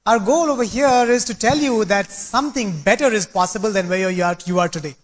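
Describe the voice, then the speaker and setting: A man's voice: high voice, brisk. A man giving a rousing, preachy motivational talk, telling anecdotes to an audience. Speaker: speaker at a business meeting.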